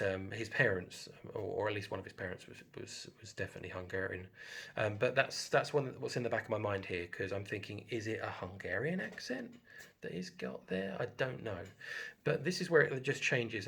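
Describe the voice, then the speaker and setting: A man's voice: fairly low pitch, gravelly, a bit bright, breathy edge. A man casually recounting a dream in a hesitant, rambling way, full of fillers and restarts. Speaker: video host. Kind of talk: casual storytelling about a dream.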